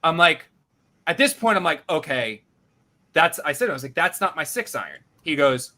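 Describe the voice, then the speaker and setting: A male podcast host telling a casual, animated story, swearing freely and acting out his own reactions. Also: a little high, normal speed.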